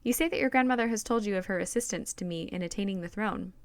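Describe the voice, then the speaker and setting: A woman's voice: medium pitch, no room sound, clean studio sound, lightly acted. A woman reading a probing emperor father. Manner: measured, probing questions. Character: stern middle-aged emperor father questioning daughter.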